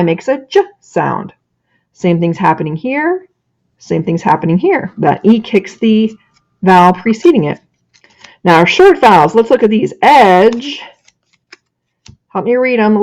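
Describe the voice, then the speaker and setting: A woman giving a screencast teaching demonstration from her office, modeling a phonics lesson slowly and deliberately. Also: medium pitch, a little mellow. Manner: slow, deliberate classroom modeling, drawing out sounds. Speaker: teacher educator. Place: home office. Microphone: webcam or laptop microphone.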